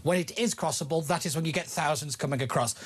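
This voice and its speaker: Man, pundit, indignant and emphatic, slightly high-pitched. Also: fast talker, husky. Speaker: studio guest commentator. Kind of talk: heated opinion talk.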